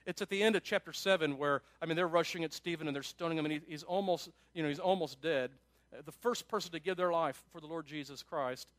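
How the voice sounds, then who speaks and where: A man pastor preaching a sermon in an animated, conversational way, with asides to his listeners. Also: fairly high pitch, fast, dry recording.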